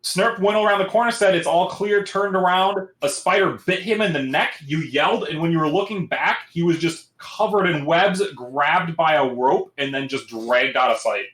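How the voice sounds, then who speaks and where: A man's voice: fairly high pitch, moderate pace, hardly any pauses, a bit bright, echoey room. A man running a tabletop game as dungeon master, narrating in a casual, chatty way with profanity and fillers.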